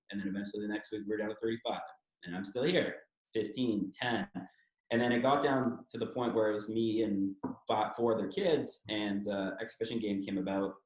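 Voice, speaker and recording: Candid low-voiced man in an echoey room. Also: a little mellow. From Toronto, Canada. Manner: candid, swears freely, acts out quoted speech. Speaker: guest, former hockey player. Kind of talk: casual storytelling interview.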